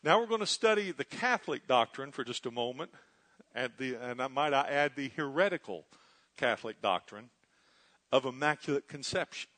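A man preaching a sermon, earnestly teaching and often checking that his listeners follow, swinging between loud emphasis and quiet asides. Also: medium pitch, lively intonation, normal speed.

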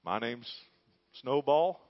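A man's voice: mid-range voice, expressive, slow. A man voicing an older reformed drinker who speaks plainly, firmly and respectfully. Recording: dull lo-fi.

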